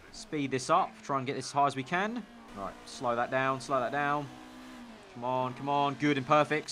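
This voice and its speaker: A young man with a Northern English accent, giving casual game commentary in a chatty way, thinking aloud with excitable bursts. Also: mid-range voice, a little hiss or hum. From Northern England. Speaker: gaming YouTuber.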